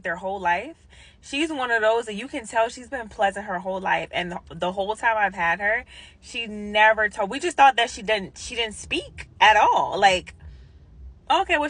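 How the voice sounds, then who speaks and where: Woman, casual storyteller vlog, bright voice, animated quote voices, drops to whispers. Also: dry recording. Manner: animated, acts out quotes with big pitch jumps and whispers. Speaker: hospice nurse.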